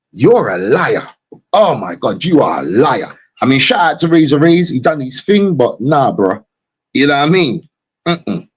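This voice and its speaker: A man with a London accent rants on a live stream in a casual, animated way, mocking and repeating himself. His voice is slightly high with a breathy edge.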